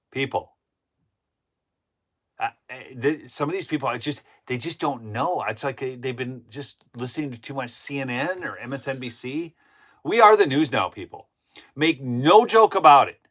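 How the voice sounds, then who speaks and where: A man's voice: medium pitch, fairly bright tone. A man from Minnesota, hosting an opinionated solo commentary show and talking heatedly and indignantly straight to his viewers. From Minnesota, USA. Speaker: political commentary show host.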